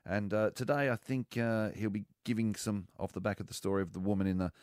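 An Australian man hosting radio, telling animated stories and laughing often in casual banter at a studio microphone. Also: fairly low pitch, quick pace, no echo. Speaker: radio host.

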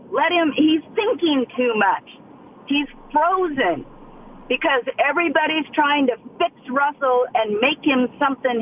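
A woman calling in to a sports radio show, speaking slowly and emphatically in short plain sentences. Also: high-pitched, far from the mic, phone-quality sound, slight background noise. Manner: slow, emphatic, plain-spoken. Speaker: caller.

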